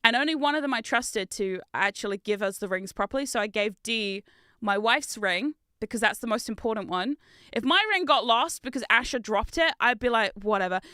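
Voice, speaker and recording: A young woman streamer chats casually and rambles through family stories. Her voice is bright and crisp, a touch high, heard close up in a dry space. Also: fairly quick, dry recording. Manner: chatty, rambling storyteller with laughs and fillers. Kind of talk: casual chat while building.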